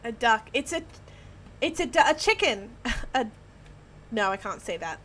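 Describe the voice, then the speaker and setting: A woman's voice: a little high, very animated, unhurried, a bit bright, a little hiss or hum. An Australian woman chatting casually while she live-streams herself building in a game, giggling and playful, laughing often. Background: faint background music.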